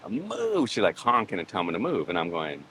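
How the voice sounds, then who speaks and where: A man's voice: deep voice, lively intonation, fast talker, pushed and bright, poor audio. A man chatting casually as a podcast guest, rambling through a story and acting out the voices of others. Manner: rambling, acts out quoted voices. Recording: background noise.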